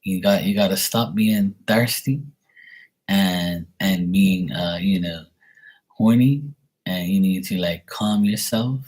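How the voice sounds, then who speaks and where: A young man hosting a live stream, reading angel cards and chatting with viewers in a relaxed, rambling way. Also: low voice, slightly rough. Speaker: livestream host doing card readings.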